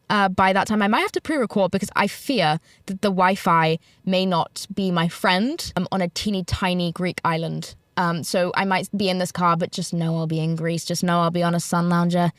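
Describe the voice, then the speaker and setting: A woman's voice: on the low side, fairly bright tone, dry recording. Rambling young British woman, dry car sound. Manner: rambling, filler-heavy, self-deprecating. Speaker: podcast host. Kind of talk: casual solo podcast chat. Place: inside a parked car.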